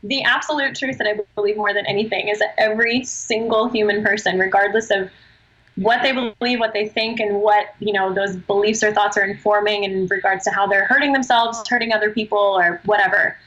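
Bright-voiced earnest woman guest. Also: medium pitch, brisk, dull audio. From Australia. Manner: earnest, expressive, swears casually. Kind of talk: casual interview chat.

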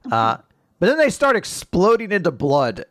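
A young man co-hosting a casual podcast, recapping a comic chapter in an animated, joking way and telling corny puns. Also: sits high, moderate pace, dry recording, clean studio sound. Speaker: podcast co-host. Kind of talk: casual manga recap chat.

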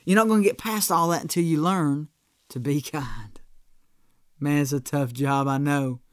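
High-voiced male pastor, conversational. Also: normal speed, no room sound, studio quality. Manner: conversational preaching, many restarts and "right?" asides. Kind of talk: sermon.

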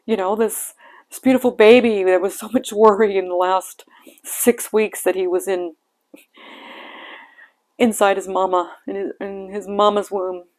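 An older woman speaks slowly and deliberately in a personal devotional reflection. Her voice is emotional and heartfelt, broken by soft sighs, and sits at a middle pitch for a woman. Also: steady tone. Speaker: devotional podcast host.

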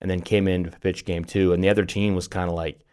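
A middle-aged man co-hosting a podcast, telling stories in an animated way with lots of restarts and laughs. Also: low-pitched, fast, smooth. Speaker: podcast co-host. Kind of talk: casual chat.

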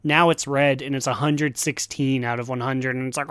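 A man's voice: medium pitch, fairly even intonation, moderate pace, hardly any pauses, fairly bright tone, no echo. A man co-hosting a casual gaming podcast, often laughing mid-sentence as he tells his story. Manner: laughs often while talking. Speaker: podcast co-host.

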